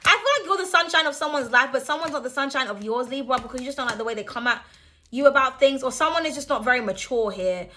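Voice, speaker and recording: A woman's voice: high voice, fast talker, sharp tone. A young woman giving a casual tarot reading, chatty and blunt, swearing and laughing freely as she talks. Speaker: tarot reader.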